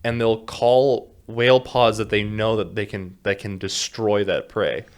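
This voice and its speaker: Rambling laid-back podcast guy, low voice. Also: steady tone, unhurried. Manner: rambling, laughs often, many restarts. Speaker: podcast co-host. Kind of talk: casual chat.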